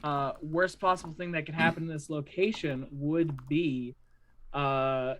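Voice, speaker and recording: A man improvising a tabletop adventure scene, halting often with fillers. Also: fairly high pitch, fairly even intonation, fairly bright tone, a little hiss or hum. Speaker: player.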